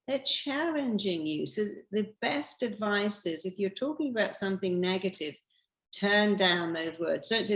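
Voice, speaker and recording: A woman's voice: medium pitch, expressive, a little slow, fairly bright tone. Emphatic older woman, roomy sound. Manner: emphatic, acts out quoted voices. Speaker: therapist guest on a podcast. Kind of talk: animated advice talk. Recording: roomy echo.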